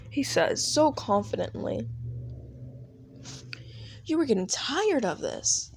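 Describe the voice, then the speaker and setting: Slow-speaking woman narrating a fan audio story. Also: high voice, big pitch swings, slight background noise.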